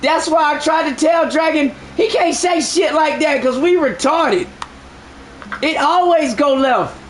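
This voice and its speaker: A man live-streaming a game, bantering loudly with friends in profane slang. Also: very high voice, measured pace, a little hiss or hum.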